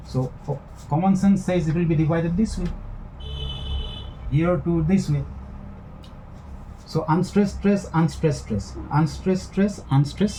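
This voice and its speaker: A man's voice: high-pitched, mellow, a little hiss or hum, rough recording. A man teaching a recorded lecture, explaining step by step with frequent fillers and restarts.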